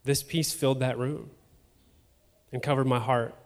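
A man shares a heartfelt testimony at a church service, pausing often and repeating himself as he searches for words. His voice sits mid-range for a man and carries a long reverb from the sanctuary around him. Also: mid-range voice, steady tone. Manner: emotional, halting, with fillers and repeats. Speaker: church member sharing testimony.

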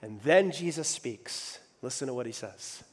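A man preaching a sermon in a church hall, emphatic, swinging between loud and hushed lines and asking the audience questions. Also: medium pitch, animated, a little slow. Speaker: pastor.

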